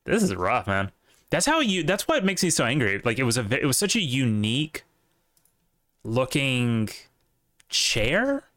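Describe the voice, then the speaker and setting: A man's voice: mid-range voice, wildly swooping pitch, a little slow, pauses often, a bit bright, dry recording, clean studio sound. A man with a light Southern accent, chatting casually on a podcast in a rambling, profane way. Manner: rambling, profane, lots of restarts. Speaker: podcast co-host.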